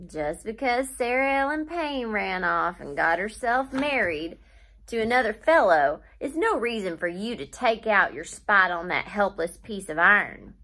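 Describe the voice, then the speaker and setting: A woman's voice: mid-range voice, expressive, unhurried, pushed and bright. A woman reading aloud, voicing a good-humored frontier blacksmith uncle who teases his nephews. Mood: teasing. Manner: joshing, easygoing.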